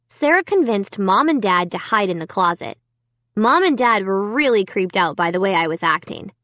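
Lady reading a creepy kids' book, steady and suspenseful, close dry mic. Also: mid-range voice, no room sound. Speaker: audiobook narrator. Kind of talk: first-person storybook narration.

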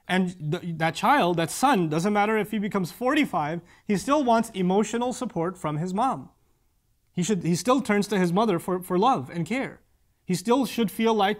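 A man's voice: high-pitched, lively intonation, normal speed. A middle-aged man giving a conversational religious lecture to parents, acting out the voices of the people he quotes. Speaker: Islamic speaker.

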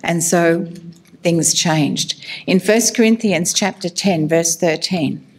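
A woman's voice: on the low side, takes it slowly, slight background noise. A middle-aged woman giving a sermon as a minister, candid and self-mocking, laughing at herself as she talks.

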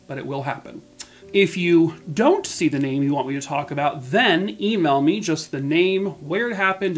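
A man hosting his own channel, chatting casually and quickly through a video outro with a self-mocking tone. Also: a little high. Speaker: true crime channel host.

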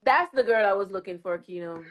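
A woman's voice: medium pitch, a little fast, fairly bright tone. A woman with a Jamaican accent hosting a casual live stream, joking and laughing in patois.

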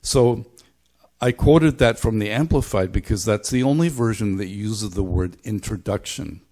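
Halting, thoughtful older male preacher. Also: lowish voice, mellow. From Belfast, Northern Ireland. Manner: thoughtful, halting, with frequent restarts. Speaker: pastor. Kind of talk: sermon. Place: church.

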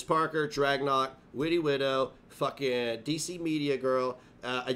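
A man's voice: on the high side, fairly bright tone. A male live streamer delivering a profane, confrontational rant full of taunts. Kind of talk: livestream rant.

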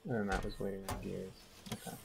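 A man's voice: low-pitched, completely flat delivery, fairly quick, creaky, over loud music. Laughing sarcastic man chatting over a game. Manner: jokey, sarcastic, laughs often. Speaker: gaming host. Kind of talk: casual multiplayer game chat.

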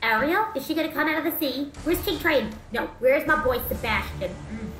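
A woman's voice: high-pitched, animated, fairly quick, fairly bright tone, roomy sound, slight background noise. A woman streaming as a VTuber, chatting goofily through a game with jokes and the odd swear. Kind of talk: gameplay commentary.

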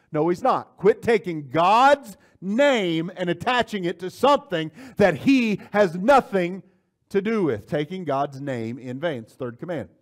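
A male pastor with a fairly high voice leads a Bible study class. He teaches with animated, forceful emphasis and keeps checking in with his listeners. He reads scripture aloud in solemn, old-fashioned wording. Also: measured pace.

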